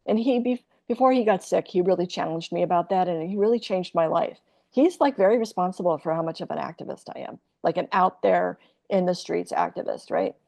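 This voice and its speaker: A woman's voice: fairly low pitch, a little fast, creaky, a little mellow. A woman in her sixties, a podcast guest telling a candid personal story in a rambling, profane way, full of fillers and restarts.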